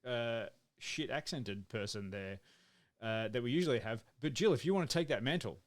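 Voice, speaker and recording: A man's voice: mid-range voice, moderate pace. A man co-hosting a podcast in casual live-streamed chat, joking and teasing with frequent laughs. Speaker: podcast co-host.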